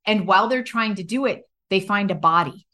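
A woman's voice: medium pitch, fairly quick, sharp tone. A woman co-hosting a podcast, chatting casually and enthusiastically, swearing freely. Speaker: podcast co-host. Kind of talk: casual chat.

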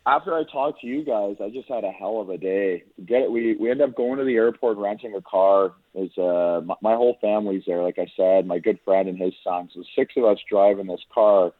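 A man's voice: on the low side, a little fast, few pauses, no room sound. A laid-back man from Canada, a guest telling a story casually over the phone. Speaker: guest analyst. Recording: tinny phone line.

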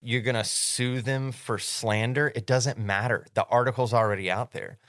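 A man co-hosting a podcast, chatting in a relaxed way, telling personal stories and asking rhetorical questions. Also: mid-range voice, normal speed, no echo, clean studio sound. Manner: relaxed, anecdotal, talks through rhetorical questions. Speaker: podcast co-host. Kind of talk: casual storytelling chat.

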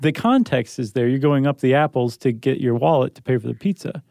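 A man's voice: medium pitch, lively intonation, a little fast, gravelly, dark tone, dry recording, clean studio sound. An American man co-hosting a podcast, explaining in a playful, jokey way. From United States. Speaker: podcast co-host. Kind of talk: casual chat.

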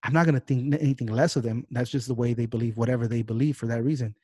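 A man in the middle of a casual podcast chat, getting fired up and swearing as he rants. His pitch sits in an average range. The sound is dry and close, with almost no room in it. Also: steady tone, dark tone, husky, no echo. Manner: heated, profane, fast-talking rants. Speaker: podcast host. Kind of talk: casual political rant.

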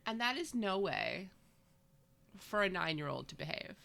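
A woman's voice: fairly low pitch, very animated, normal speed, vocal fry, a bit bright. A woman recapping a book in casual chat, with wry, sarcastic asides. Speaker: podcast co-host.

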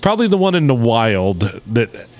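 A man's voice: medium pitch, moderate pace. A man co-hosting a podcast, joking in casual banter. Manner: joking, animated, breaks into silly whispered bits. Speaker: podcast co-host. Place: indoor studio.

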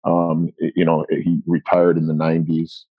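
A man in his forties talking casually as an interview guest, rambling and self-deprecating, quick to laugh. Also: very deep voice, monotone, dry recording, dull audio. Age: 40s.

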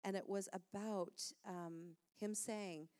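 A woman speaking earnestly and warmly in a conversational Christian talk, laughing often as she encourages listeners. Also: medium pitch, fairly even intonation, slow pace, no room sound.

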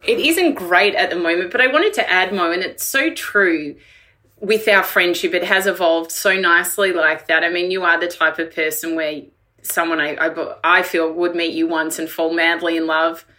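A woman's voice: lowish voice, steady tone, normal speed, pushed and bright. A woman with an Australian accent, a podcast host being interviewed over a video call, speaking in an enthusiastic, heartfelt way. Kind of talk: casual interview chat.

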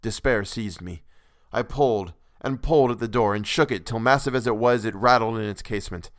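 Low, clear-voiced male storyteller. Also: fairly quick, a bit bright, no echo, studio quality. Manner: earnest, dramatic first-person narration. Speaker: narrator. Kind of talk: dramatic reading of a classic novel.

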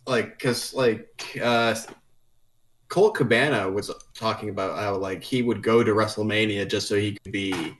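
A man co-hosting a podcast in casual chat, hesitant and halting as he corrects details. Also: on the low side, a bit bright. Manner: hesitant, many fillers and restarts. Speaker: podcast co-host.

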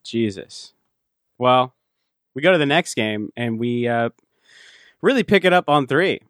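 A man at a middle pitch, talking in a blunt, loose podcast chat. He laughs easily and swears when a game goes badly. His voice is close and dry, with no room sound. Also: lively intonation, unhurried, a bit bright, no echo. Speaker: podcast co-host. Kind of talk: casual sports chat.

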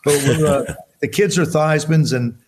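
Against a noisy background, a New Jersey man in his seventies speaks at a measured pace with a fairly high pitch. He's a podcast guest, casually telling stories and animatedly acting out the voices within them.

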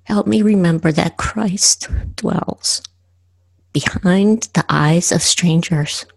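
A woman podcast host reading her own poems aloud in a slow, earnest way with pauses. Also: on the low side, vocal fry.

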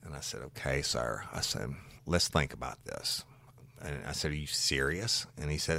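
A man, a former patrol deputy, telling a story from one of his calls in a blunt, animated way and swearing freely. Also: extremely low pitch, moderate pace, creaky, dry recording. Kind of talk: casual true-crime storytelling.

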